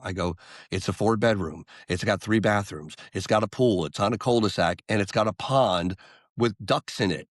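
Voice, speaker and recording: A man, a singer-songwriter guest on an interview podcast, telling a story and acting out the quotes with lively jumps in voice. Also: lowish voice, moderate pace, no echo, clean studio sound.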